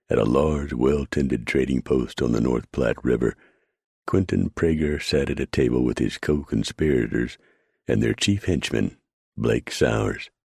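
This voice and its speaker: A man narrating a western novel in a steady, measured storytelling voice. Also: rumbling low, creaky, husky, no echo, studio quality. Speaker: audiobook narrator.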